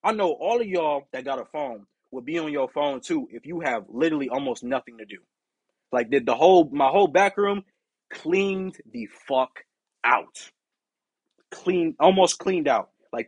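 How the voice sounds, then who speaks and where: A man with a lively, swooping delivery, pitched a bit above the usual, tells a story on his podcast. His voice is husky and a little breathy, and he swears freely as he acts out who said what. The sound is dry and close. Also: moderate pace, dry recording. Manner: animated, profane, acts out quoted exchanges. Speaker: podcast host. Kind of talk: casual storytelling monologue.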